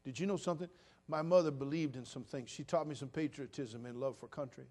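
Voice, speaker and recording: A pastor in his sixties delivers a sermon in an ordinary mid-range male voice. He swings between loud, emphatic bursts and soft, low asides. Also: quick pace. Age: 60s. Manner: preaching with sudden loud bursts and quiet drops.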